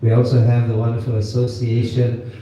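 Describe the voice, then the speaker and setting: A man's voice: mid-range voice, completely flat delivery, fairly quick, a little hiss or hum. A man hosting a gathering, introducing a guest speaker with many fillers and inviting people to sit closer. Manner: warm-up with fillers, coaxing the crowd forward. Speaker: event host introducing the guest. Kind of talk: formal introduction at a temple gathering. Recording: echoey hall, voice far from the mic.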